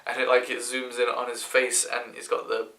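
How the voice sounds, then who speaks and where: A British film reviewer gives a rambling, chatty movie review, full of fillers and restarts, recorded in an echoey room. His medium-pitched voice is creaky, pushed and bright, delivered completely flat at normal speed.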